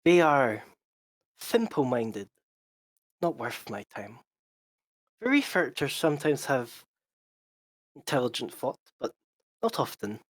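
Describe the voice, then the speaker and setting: A game master voicing a nameless disembodied psychic mind with a lisp, speaking in slow, grandiose pronouncements. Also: mid-range voice, sing-song, no room sound. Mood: dismissive. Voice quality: attempted lisp.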